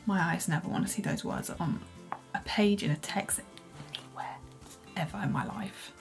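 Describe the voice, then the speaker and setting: A woman chatting casually in a reading vlog, expressive and swearing freely as she reacts to her book. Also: lowish voice, normal speed, soft background music. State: teary from crying. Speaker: booktuber.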